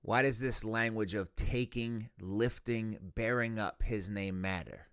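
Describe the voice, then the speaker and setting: A man's voice: lowish voice, fairly even intonation, measured pace, fairly bright tone, clean tone. A man hosting a Christian reaction video, arguing emphatically and reading scripture aloud. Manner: emphatic, argumentative, quoting scripture. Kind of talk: reaction commentary and Bible teaching.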